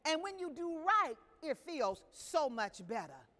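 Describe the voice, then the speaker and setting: A woman's voice: sits high, sing-song, a little slow, pushed and bright. A woman preacher delivering a sermon to a congregation with emphatic, questioning delivery. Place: church sanctuary. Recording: long reverb of a large hall.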